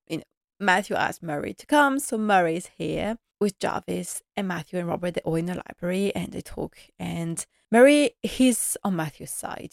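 A woman's voice: fairly low pitch, gravelly, no room sound, clean studio sound. Chatty, laughing woman reviewer. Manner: enthusiastic, chatty, laughing often; acts out characters' lines. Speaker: TV episode reviewer. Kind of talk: casual recap vlog.

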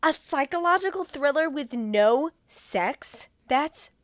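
A woman co-hosting a podcast, reacting to a movie recap with loud, joking, incredulous remarks. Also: high voice, animated, takes it slowly, dry recording, clean studio sound. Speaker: podcast co-host.

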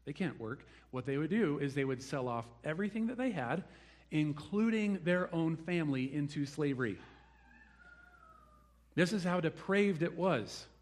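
A male preacher delivering a sermon in a lively, storytelling way. His voice sits a little higher than most men's. He brings the figures he quotes to life with their own voices. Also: moderate pace. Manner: animated storytelling, acting out the quoted characters. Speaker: pastor.

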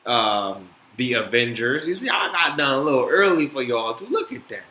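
A man hosting a casual solo podcast, animated and swearing freely with many fillers. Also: mid-range voice, normal speed. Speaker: podcast host. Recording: echoey room, faint noise.

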